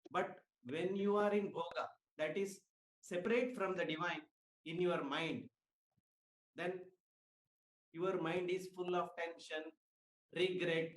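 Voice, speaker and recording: A man, a class participant, explaining spiritual ideas calmly over a video call. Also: high-pitched, slow, pauses often, roomy sound. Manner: sings devotional verses, then explains calmly.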